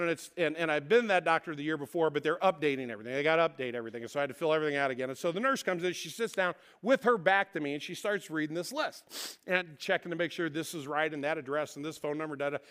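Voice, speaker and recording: Pastor guy preaching, tells a story then prays soft, voice a little high. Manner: storytelling, animated in anecdotes, soft in prayer. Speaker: lead pastor. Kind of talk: sermon with story and prayer.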